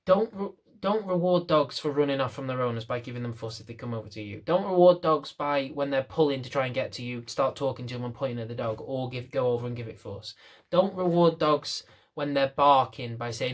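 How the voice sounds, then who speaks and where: A man's voice: fairly high pitch, expressive, fairly quick. A young British man, a dog trainer, venting to camera with lots of rhetorical questions. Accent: British English. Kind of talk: ranting to camera.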